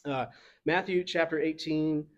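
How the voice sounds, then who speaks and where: A man's voice: fairly high pitch, steady tone, a little slow, lo-fi sound. A young adult man preaching a sermon in a casual, conversational way, with fillers and the odd laugh. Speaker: pastor. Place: church.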